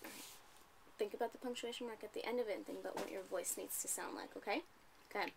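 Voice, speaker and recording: A woman tutoring a child one-on-one, patient and coaxing, often checking in with a quick "right?". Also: mid-range voice, creaky, background noise. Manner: patient, coaxing, ends points with tag questions.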